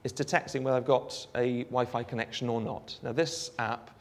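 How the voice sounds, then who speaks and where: Welsh man with a gravelly voice demoing an app. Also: mid-range voice, moderate pace. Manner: relaxed, frequent ums, explanatory. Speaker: app developer giving a presentation. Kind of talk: live product demo talk.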